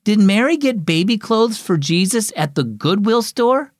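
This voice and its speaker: A man's voice: sits high, very animated, measured pace, no room sound, studio quality, voice pushed up. A man voicing an earnest four-year-old girl in a children's story, stumbling over lines she is practicing.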